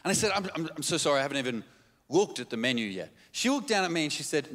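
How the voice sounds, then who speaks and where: A man in his thirties performs a live stand-up set, his voice pitched high and swinging widely as he acts out little scenes. The sound carries the long reverb of a large theatre, with clear audience noise underneath. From Australia. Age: 30s. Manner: animated storytelling, quick jumps into quoted voices. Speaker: stand-up comedian. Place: large comedy theatre stage.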